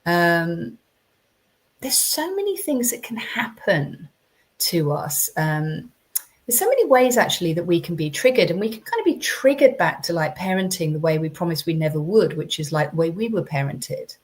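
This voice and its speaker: A woman's voice: lowish voice, sing-song, moderate pace. A woman coaching parents in a chatty live-streamed talk, with many ums and restarts.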